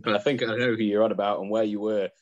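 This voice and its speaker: Low-voiced man, easygoing co-host. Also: fairly even intonation, fast talker, muffled recording. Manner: agreeable, with frequent yeahs and laughs. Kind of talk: casual podcast chat.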